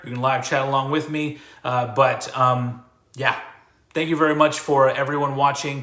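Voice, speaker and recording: A man's voice: mid-range voice, sharp tone, roomy sound. A man hosting a music show, signing off in a loose, rambling way with many fillers. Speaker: host of a music video show. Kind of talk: casual livestream sign-off.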